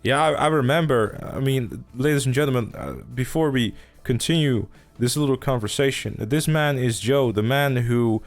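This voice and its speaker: A man's voice: mid-range voice, moderate pace, few pauses. A man hosting a live stream, chatting casually with viewers in a teasing way, swearing freely and laughing often. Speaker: streamer host. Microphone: streaming mic through a mixer.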